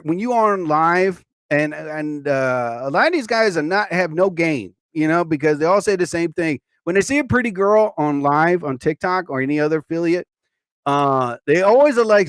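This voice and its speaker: A man hosting a casual live stream, joking, chatting with viewers and shouting catchphrases. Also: sits high, moderate pace, no echo, clean studio sound. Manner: animated, jokey, talks to chat, shouts catchphrases.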